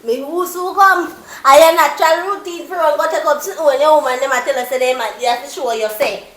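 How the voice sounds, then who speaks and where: A woman's voice: high voice, fast, fairly bright tone. A woman playing a bossy Jamaican wife. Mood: teasing. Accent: Jamaican patois. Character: bossy woman rousing her husband. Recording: noisy background.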